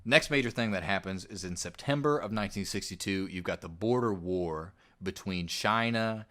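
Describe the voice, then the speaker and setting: A man's voice: low voice, normal speed, pushed and bright. A man co-hosting a casual history podcast, laid-back and swearing now and then as he tells the story. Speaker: podcast host.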